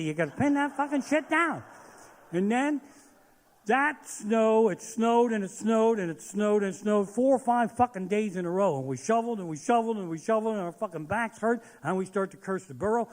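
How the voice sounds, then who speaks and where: A man's voice: high voice, lively intonation, fairly quick. A man doing a crude, swearing stand-up rant on a live theater stage. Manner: crude, swearing constantly, ranting. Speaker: stand-up comedian. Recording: long hall reverb.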